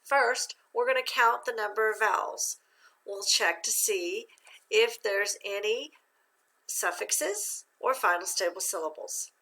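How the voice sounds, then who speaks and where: A woman's voice: mid-range voice, vocal fry, sharp tone. A woman teaching a reading lesson on syllable division, speaking patiently, asking questions and praising the listener. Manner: slow, patient, encouraging, asks questions and praises. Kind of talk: phonics lesson.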